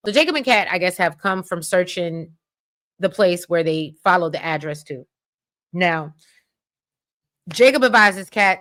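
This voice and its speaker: A woman casually recapping a show in a sassy, animated way. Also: lowish voice, moderate pace. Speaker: recap vlogger.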